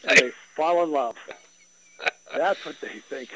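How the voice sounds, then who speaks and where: A comedian guest on a radio show talks in a wry, joking way. His voice sits a little higher than average. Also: unhurried, bright, forceful tone, poor audio.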